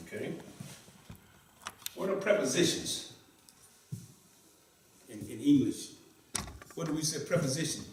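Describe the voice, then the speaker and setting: Teacher quizzing a class in an echoey room. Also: male voice, on the high side, lively intonation, unhurried, pauses often, distant mic, noisy background. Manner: asks the class frequent quiz questions, repeats answers. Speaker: Arabic teacher. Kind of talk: classroom teaching with questions to students. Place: mosque classroom.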